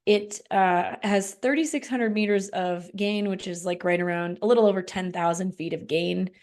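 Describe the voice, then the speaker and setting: Relaxed woman podcast co-host. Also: mid-range voice, normal speed. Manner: relaxed, many fillers and likes. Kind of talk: casual podcast chat.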